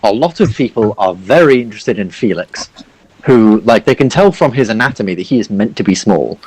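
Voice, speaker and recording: A man's voice: on the low side, lively intonation, a little fast, a little mellow, slightly rough, dry recording, rough recording. A man narrating a tabletop game as game master, rambling with lots of fillers.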